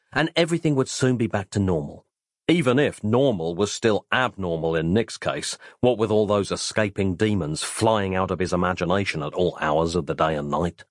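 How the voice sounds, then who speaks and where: A man narrating an audiobook in an animated, playful storytelling manner. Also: lowish voice, dry recording, clean studio sound. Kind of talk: scripted narration.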